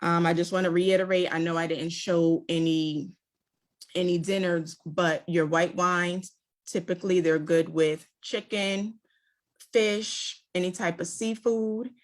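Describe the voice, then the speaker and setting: A woman giving a relaxed, chatty wine presentation over a video call. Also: fairly low pitch, measured pace. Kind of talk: virtual tasting presentation. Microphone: video call mic.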